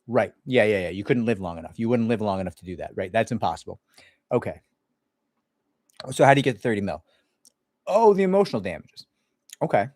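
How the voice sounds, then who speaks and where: A man's voice: fairly low pitch, big pitch swings, fairly quick, pauses often, darkish tone, dry recording, studio quality. A man talking as an employment attorney in a casual livestream Q&A, blunt and sarcastic, mocking people in put-on voices. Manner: blunt, sarcastic, acts out others in mock voices.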